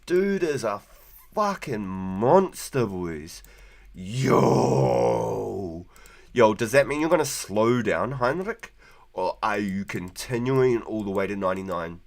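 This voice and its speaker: A man hosting a live game stream in loose, profane banter with his chat. His voice sits a bit low and moves slowly, with big swings in pitch. He keeps breaking into laughter. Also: sing-song, vocal fry. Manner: laughs often, swears freely, rambling banter with chat.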